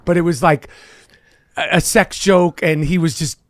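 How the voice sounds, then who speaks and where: Excitable man in his fifties, a bit high. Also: normal speed, no room sound, clean studio sound. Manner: excitable, profane, rambling with restarts. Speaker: guest actor. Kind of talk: casual chat.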